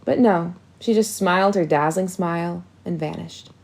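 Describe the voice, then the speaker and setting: Gravelly woman reading an audiobook. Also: lowish voice, moderate pace, darkish tone. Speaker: audiobook reader. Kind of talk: first-person audiobook narration.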